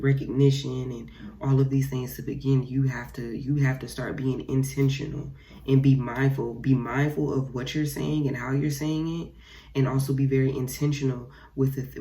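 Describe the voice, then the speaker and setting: A young woman with an extremely low, mellow voice does a casual tarot reading. She talks straight to her viewers, blunt and profane, and repeats phrases.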